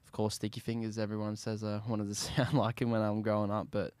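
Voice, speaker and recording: A young Australian man, a musician guest, talking casually in an interview in a laid-back, soft-spoken way that often trails off. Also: lowish voice, completely flat delivery, brisk, smooth, no echo.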